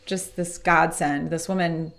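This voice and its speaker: A woman's voice: low-pitched, unhurried, vocal fry. A woman speaking as a podcast guest, telling a personal story earnestly and reflectively. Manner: acts out remembered dialogue in lively voices. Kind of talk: casual interview storytelling.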